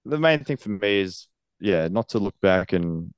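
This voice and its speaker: A man's voice: sits low, animated, measured pace, smooth, no echo. A man, a professional wrestler speaking earnestly in a casual interview and laughing often.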